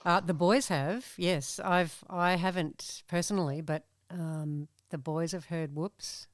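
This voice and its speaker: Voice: medium pitch, fairly even intonation, slow pace, no echo. A podcast host doing a casual interview, asking short questions and laughing often.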